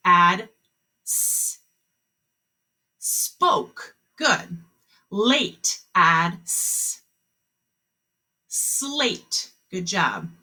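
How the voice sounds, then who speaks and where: A kindergarten teacher leading a phonics lesson over a video call, her pace slow and patient as she draws out each sound. Her voice is bright with a husky edge, and it swoops lively up and down as she cheers the children on. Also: fairly low pitch. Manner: slow, encouraging, stretches out word sounds.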